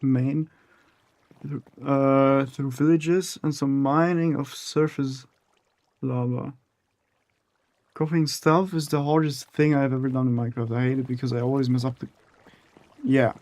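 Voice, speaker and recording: A man's voice: medium pitch, fairly even intonation, measured pace, long pauses, darkish tone, no room sound. A young man chatting casually and swearing often as he narrates building in a game and talks to himself. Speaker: gaming streamer. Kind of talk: casual gameplay commentary.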